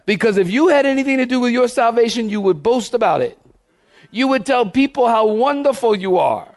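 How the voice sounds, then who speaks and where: A pastor with a high-pitched voice preaches a full sermon from a church pulpit at a brisk pace. He's animated and lively, pushing the congregation for responses as he goes.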